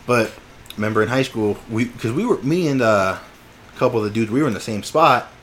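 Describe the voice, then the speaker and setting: A man's voice: mid-range voice, a little fast, slight background noise. A young man co-hosting a podcast, telling stories in casual chat, acting out quotes with bursts of laughter. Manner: animated storytelling with laughter and acted-out quotes. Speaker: podcast co-host.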